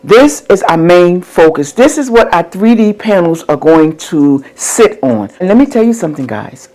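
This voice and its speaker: A woman's voice: lowish voice, sing-song, normal speed, hardly any pauses, a little mellow. Chatty upbeat woman crafting vlogger. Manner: chatty, upbeat, addresses viewers as guys. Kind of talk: casual how-to vlog.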